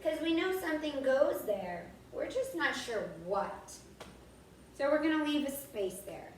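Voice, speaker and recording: Woman teacher, slow and patient, recorded off-mic in a roomy space. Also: high voice, very animated, a little hiss or hum. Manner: slow and patient, sounding out words carefully. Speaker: kindergarten teacher. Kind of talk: recorded writing lesson for young children. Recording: roomy, from far off the mic, faint background ambience.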